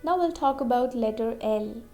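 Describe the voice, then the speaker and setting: A woman's voice: on the high side, normal speed, dark tone, faint music behind. A woman teaching English pronunciation, saying each example word twice and checking in with "okay?" as she explains. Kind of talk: slow, deliberate pronunciation lesson.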